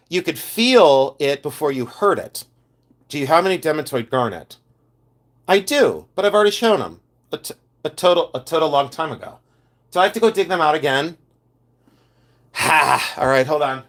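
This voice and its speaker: A man with a somewhat high-pitched voice chats loosely through a live stream. He rambles and repeats himself, piling on exasperated asides as he talks. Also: lively intonation, fairly quick, fairly bright tone. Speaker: live-stream host selling gemstones. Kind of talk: casual live-stream chat.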